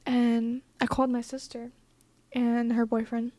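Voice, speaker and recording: A woman's voice: on the high side, flat delivery, a little slow, dark tone, no echo. A young woman telling a personal story in a casual, blunt and profane way, full of filler "like"s. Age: young adult. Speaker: vlogger.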